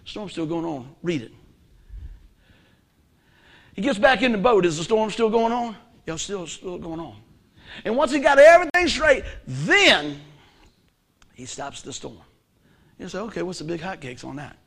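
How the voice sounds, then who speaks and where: A man preaching a sermon, asking his listeners questions and swinging from loud, emphatic lines to hushed ones. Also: high voice, sing-song, unhurried, pauses often. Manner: emphatic, asks the congregation questions.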